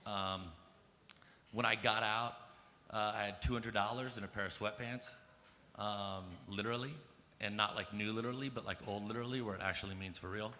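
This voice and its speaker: A man's voice: on the low side, steady tone, brisk, bright, forceful tone, a little hiss or hum. Fired-up man telling his story in a hall. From United States. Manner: casual and profane, heavy use of "like" and "um"; grows fired up and emphatic. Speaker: conference speaker. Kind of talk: personal storytelling talk. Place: large conference hall. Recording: long hall reverb with faint ambience.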